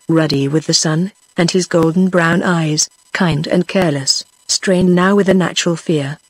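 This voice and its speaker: A text-to-speech woman's voice with a British English accent, reading a novel aloud in a steady synthetic tone that stays the same for every character. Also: on the low side, dry recording, rough recording. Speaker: audiobook narrator.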